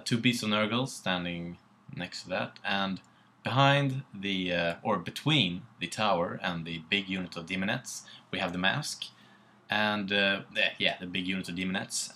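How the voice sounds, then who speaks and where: Low, very bright-toned Swedish man. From Sweden. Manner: laid-back, swears casually. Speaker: co-host. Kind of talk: casual battle report commentary.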